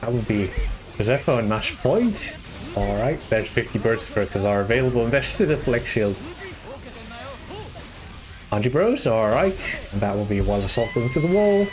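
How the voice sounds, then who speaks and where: Casting: male esports caster, chatty and excitable, mid-pitched, soft music underneath. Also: moderate pace, long pauses. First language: German. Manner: chatty, restarts sentences, excitable on big plays. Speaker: tournament commentator and organizer. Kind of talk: live esports commentary, casual chat.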